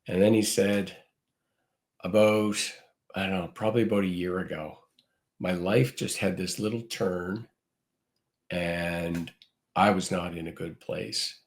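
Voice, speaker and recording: A man being interviewed as a gratitude speaker, earnestly telling a story and acting out the quoted dialogue. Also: sits low. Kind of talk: interview answers.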